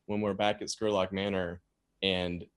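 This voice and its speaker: A man's voice: low-pitched, normal speed, clean tone. A man running a tabletop game, chatting casually with fillers. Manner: relaxed, rambling, frequent fillers.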